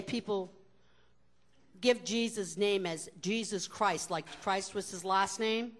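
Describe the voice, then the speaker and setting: An older woman spins a story for a live crowd, her voice swooping high and low as she leans into the drama. She keeps it chatty and wry, with sly little asides to her listeners. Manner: animated, conversational, chuckling asides.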